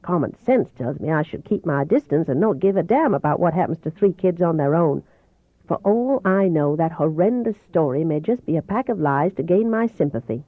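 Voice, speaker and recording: A woman reading as a kind male doctor with a soft, melodious voice, a slight Southern accent and a calm, coaxing manner. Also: sits low, moderate pace, no echo. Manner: calm, coaxing, gently teasing. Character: kind older male doctor, gentle and persuasive. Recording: dull, dry home recording.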